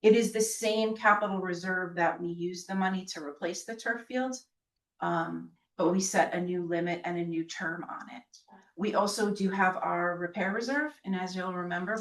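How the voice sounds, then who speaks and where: A slightly hoarse woman, a school district official, presenting a budget in measured, explanatory speech with frequent ums. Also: lowish voice, fairly bright tone. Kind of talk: budget presentation at a public meeting. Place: school board meeting room. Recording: roomy meeting room, from a distance.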